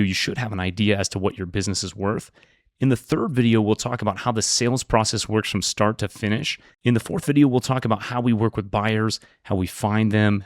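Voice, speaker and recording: A man's voice: lowish voice, dry recording, clean studio sound. A man working as a business broker, presenting an explainer video in a direct, upbeat teaching tone.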